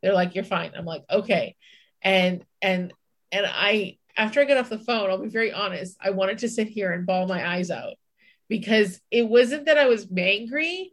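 A woman's voice: mid-range voice, normal speed. A woman co-hosting a podcast, telling a personal story in casual chat, candid, swearing and acting out her own inner voice. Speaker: podcast co-host.

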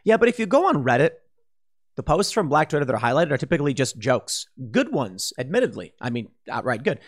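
A man hosting an opinionated commentary show, talking in a sarcastic, animated way. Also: fairly high pitch, brisk. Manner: animated, sarcastic, acts out mocking voices.

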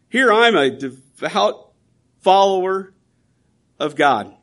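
A man's voice: high voice, very animated, a little slow, fairly bright tone. A man preaching a sermon in an earnest, emphatic, conversational way, often restarting his sentences.

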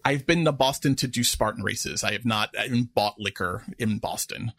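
A man's voice: lowish voice, moderate pace, a bit bright. A man from New York co-hosting a podcast, talking in a rambling, self-deprecating way with lots of fillers. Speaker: podcast co-host. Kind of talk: casual chat.

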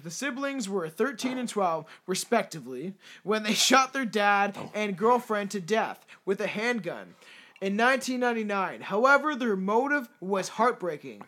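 A man's voice: high-pitched, sharp tone. A young man hosting a podcast, casually reading out cases while swearing, stumbling and correcting himself between jokes. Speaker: podcast host.

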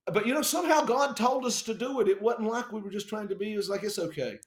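A man in a band telling a tour story in a casual, animated, profane way, acting out the people he quotes. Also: sits high, fast, roomy sound.

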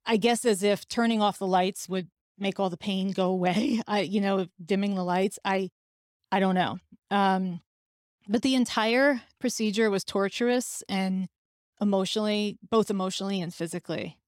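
A woman shares a painful personal story on her own podcast. She speaks candidly and with feeling, and slips into the voices of the people she quotes. Her voice sits at a medium pitch and sounds dry and close, with no room echo. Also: normal speed. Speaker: podcast host.

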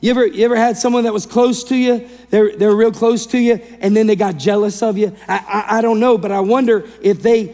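A male pastor preaching a sermon in an animated way, acting out the people in the story and swinging between loud and hushed delivery. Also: high voice, brisk, few pauses, big-room sound.

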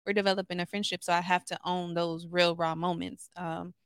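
A woman's voice: on the low side, little pitch movement, brisk, clean tone, no echo. A woman from Los Angeles, a therapist, telling candid stories as a podcast guest with many fillers. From Los Angeles, USA. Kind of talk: podcast conversation.

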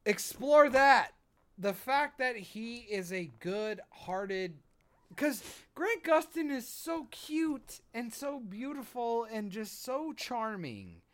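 An excitable man gushing over a show, his voice swooping all over the place yet unhurried and drawn out. He is emphatic and swears freely, and thumps the desk near the mic as he talks. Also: extremely high pitch. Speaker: podcast co-host. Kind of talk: casual pop-culture chat. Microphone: desk mic, bumped while he hits the desk.

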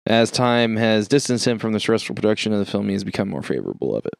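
A man's voice: on the low side, sing-song, fast talker, gravelly, a little hiss or hum. A man co-hosting a casual film chat, reading out trivia and swearing now and then. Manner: reads trivia aloud, swears and laughs often.

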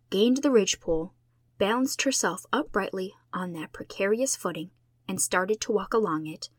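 Woman reading an old novel aloud, expressive and measured, dry close sound. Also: mid-range voice, dry recording. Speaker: audiobook reader. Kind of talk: storybook narration.

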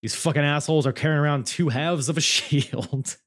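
A man's voice: a little high, fairly quick. A man hosting a podcast, recapping matches in a loose, chatty way. He jokes, swears and restarts his sentences often. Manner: rambling, joking and profane, with many restarts. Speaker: wrestling podcast host. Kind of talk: casual show recap.

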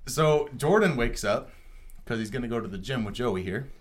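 Name: man, young adult. Style: profane, rambling self-mocking storyteller. Range: lively pitch. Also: normal speed. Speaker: podcast co-host. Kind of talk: casual storytelling.

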